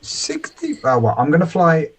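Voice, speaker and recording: A man's voice: a little high, wildly swooping pitch, normal speed, a little hiss or hum. A man playing a tabletop game, describing his character's actions with some hesitation. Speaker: player.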